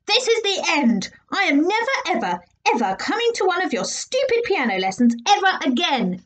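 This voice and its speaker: A woman voicing a defiant, fed-up young boy in a storybook reading, shouting in raised, strained outbursts. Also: very high-pitched, steady tone, moderate pace, voice pushed up. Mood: furious.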